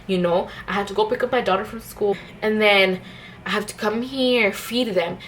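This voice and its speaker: Chatty young mom rambling at home. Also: female voice, mid-range voice, normal speed, fairly bright tone, a little hiss or hum, poor audio. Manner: chatty, rambling, with many fillers and restarts. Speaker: vlogger, stay-at-home mom. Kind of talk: casual get-ready-with-me chat. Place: at home, indoors.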